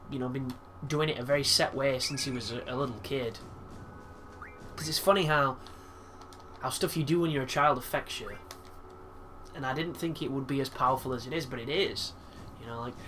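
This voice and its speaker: A man's voice: medium pitch, fairly bright tone, a little hiss or hum. A young man giving casual, rambling gameplay commentary, reflective and casually swearing. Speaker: let's-play commentator.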